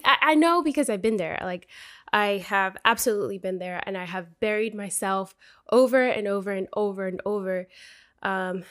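A young woman talks straight to her listeners in a casual podcast pep talk, swearing freely and calling them sis. Her voice sits in an ordinary middle pitch, candid and sisterly in tone. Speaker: podcast host.

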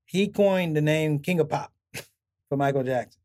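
A man's voice: a little high, a little slow. A middle-aged comedian, a man, telling long stories in a casual interview and acting out the people he quotes. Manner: animated storyteller, acts out quotes with laughs. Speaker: comedian and podcast guest.

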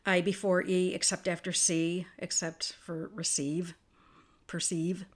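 A woman's voice: on the low side, level tone, unhurried. A woman hosting her own podcast in a casual solo monologue, chatty and spelling words out letter by letter. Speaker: podcast host.

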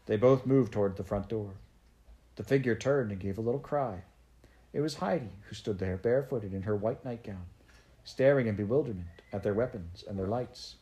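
A woman narrating a children's story aloud in a steady, measured way. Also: extremely low pitch. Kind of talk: audiobook narration.

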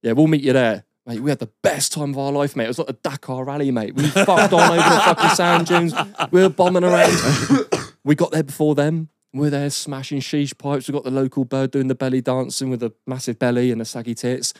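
A man co-hosts a casual podcast in a mid-pitched voice. He tells stories bluntly, swearing constantly. The mic is close and dry. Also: a little fast, no echo. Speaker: podcast co-host.

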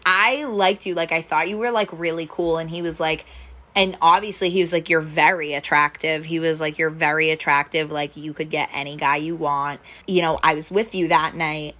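A woman's voice: low voice, sharp tone. A young woman telling a story in a casual chat, full of "like" and acting out what people said. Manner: chatty, full of "like" fillers, acts out quoted lines.

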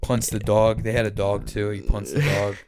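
A man's voice: on the low side, normal speed. Rambling man in casual chat. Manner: rambling, animated, breaks into loud impressions and laughs. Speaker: podcast co-host discussing a film.

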